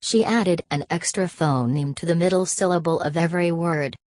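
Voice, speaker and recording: A woman reading a first-person story aloud in an even, measured way. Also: lowish voice, dry recording. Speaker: audiobook reader. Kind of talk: first-person audiobook narration.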